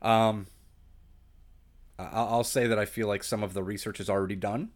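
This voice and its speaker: A man's voice: lowish voice, fairly even intonation, moderate pace. A man co-hosting a podcast, easygoing and joking in rambling casual chat. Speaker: podcast co-host.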